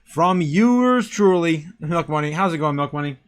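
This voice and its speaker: A man's voice: on the high side, lively intonation, moderate pace. A man hosting a casual crypto livestream, greeting chat members by name, repeating himself and chuckling often as he reads the charts.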